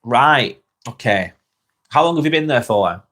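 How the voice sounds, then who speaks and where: A man from England hosts a live stream from his spare bedroom, reading comments aloud, rambling, and repeating himself with many ums. His mid-range voice is expressive, a bit bright, and a little slow, picked up by a wireless clip-on mic.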